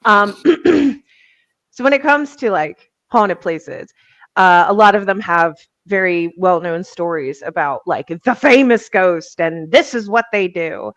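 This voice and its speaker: A woman's voice: medium pitch, lively intonation, slow, no room sound, poor audio. A young adult woman, a psychic medium, talking casually in an interview, laughing often and filling her talk with "like" and "um".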